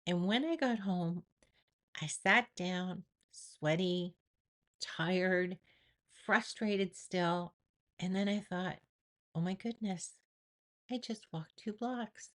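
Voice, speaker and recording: A woman's voice: mid-range voice, slow. A middle-aged woman telling a personal story in an earnest, reflective way, sometimes acting out what she said to herself. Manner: earnest, reflective, with acted-out inner quotes. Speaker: vlogger sharing personal story.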